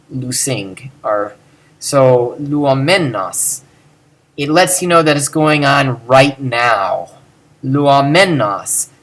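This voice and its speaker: In an informal recorded grammar lesson on Greek, a male teacher speaks with a medium-pitched, fairly bright voice. He draws out example words while thinking aloud, with fillers and self-corrections along the way.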